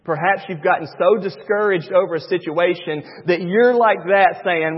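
A man, a pastor preaching a sermon, swinging between loud and hushed. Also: sits high, moderate pace, hardly any pauses, husky. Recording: dull recording with long church reverb.

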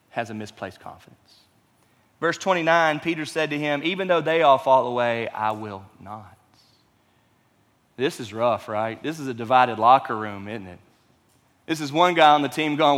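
A man's voice: medium pitch, fairly bright tone, long reverb tail. A man preaching a sermon as pastor, conversational and emphatic, with frequent rhetorical questions.

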